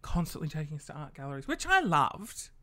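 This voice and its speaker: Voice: medium pitch, wildly swooping pitch, fairly quick, sharp tone. A podcast host telling a casual story, chatty and loose, swearing freely and acting out the people in it.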